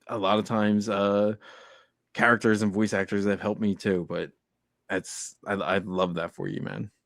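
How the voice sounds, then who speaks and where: A man's voice: fairly low pitch, flat delivery, a little slow, a bit bright, no room sound, clean studio sound. A man co-hosting a podcast, chatting casually with supportive, laid-back replies. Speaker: podcast co-host.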